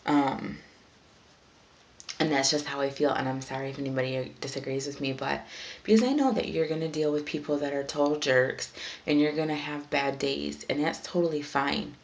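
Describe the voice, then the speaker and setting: Very low, gravelly-voiced woman venting. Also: fairly even intonation, normal speed, a little hiss or hum. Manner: frustrated, rambling with many fillers. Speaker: vlogger. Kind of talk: casual vlog venting.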